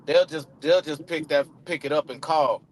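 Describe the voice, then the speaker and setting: A man's voice: on the high side, steady tone, moderate pace, a little hiss or hum. A man coaching cold calling in a casual live chat, talking loosely with many restarts and acting out both sides of phone calls. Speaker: real estate coach.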